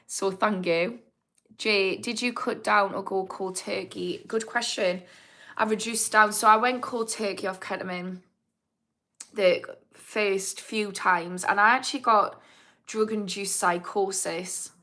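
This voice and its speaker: A woman's voice: mid-range voice, steady tone, measured pace, pushed and bright. A British woman in her thirties, a recovery coach hosting a live Q&A stream, chatting frankly and answering viewers' comments by name. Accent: British English. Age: 30s. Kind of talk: casual live-stream chat, reading comments.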